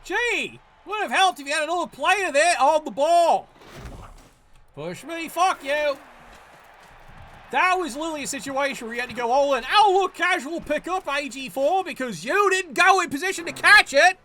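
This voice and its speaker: High-pitched man commentating. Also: animated, normal speed, sharp tone, a little hiss or hum. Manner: profane, exasperated, scolding the players. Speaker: game commentator. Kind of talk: live play-by-play commentary.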